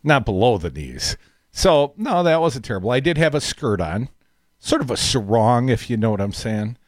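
A man's voice: medium pitch, big pitch swings, moderate pace, no room sound, clean studio sound. A middle-aged man hosting a radio talk show, bantering and teasing his co-host with frequent laughs. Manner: joking, teasing, laughs often. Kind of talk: casual on-air banter.

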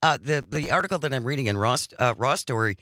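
A man's voice: medium pitch, expressive, fast, bright, forceful tone, no room sound. A man hosting a radio talk show in casual banter, reading news items aloud on a studio mic.

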